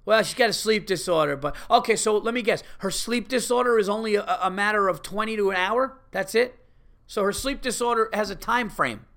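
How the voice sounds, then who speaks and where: A man's voice: sits high, brisk, creaky, bright, forceful tone. A man hosting his own podcast, ranting heatedly and cursing constantly. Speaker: podcast host. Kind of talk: solo podcast rant.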